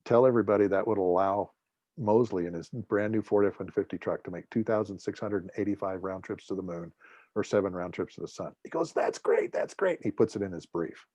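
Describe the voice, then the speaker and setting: A middle-aged man with a low voice speaks as a guest lecturer, spinning anecdotes and acting out the voices of the people he quotes. His voice sounds close and dry, with almost no room around it. He keeps a joking, storytelling manner throughout. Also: fairly quick, no echo, highs cut off. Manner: lively storyteller, acts out dialogue, jokes. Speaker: guest speaker, former air force officer.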